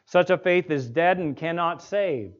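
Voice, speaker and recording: Man preaching with rhetorical questions. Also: on the high side. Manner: asks the congregation rhetorical questions, slows words down for emphasis. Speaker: pastor. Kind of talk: expository sermon. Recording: dull lo-fi recording.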